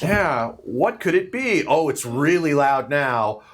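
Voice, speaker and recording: Giggly halting game master man. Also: on the high side, expressive, fairly bright tone. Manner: giggly, halting with many fillers. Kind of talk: narrating a tabletop game.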